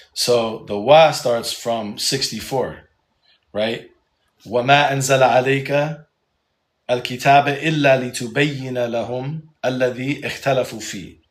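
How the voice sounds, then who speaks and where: A man's voice: mid-range voice, roomy sound. A man teaching a live Quran class, casual and joking, often restarting his sentences.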